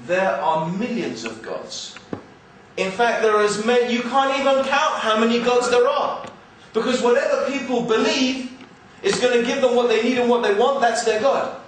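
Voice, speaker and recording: An English man with a mix of upper-class and East London accents gives an animated, joking religious lecture to an audience. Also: extremely high pitch, normal speed, a little hiss or hum. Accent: English, mixed with East London. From England. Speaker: Islamic speaker. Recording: very echoey hall, mic far off.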